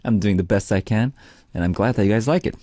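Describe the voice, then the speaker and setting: Relaxed, chatty male radio DJ. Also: lowish voice, quick pace, no echo. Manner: relaxed, chatty, lots of "like" and "you know". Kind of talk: casual radio hosting, reading listener messages. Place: radio studio. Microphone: studio microphone.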